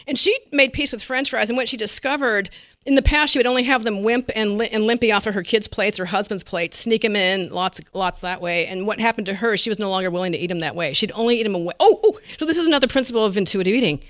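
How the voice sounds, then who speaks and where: A middle-aged woman dietitian in a podcast interview, talking in an animated way, often laughing and acting out what her patients said. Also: medium pitch, quick pace, no echo, clean studio sound. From United States. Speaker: dietitian guest.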